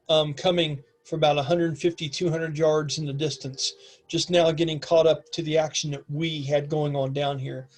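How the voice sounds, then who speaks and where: A man's voice: a little high, flat delivery, normal speed, darkish tone, faint music behind. A man narrating a tabletop game as game master, describing scenes with frequent ums.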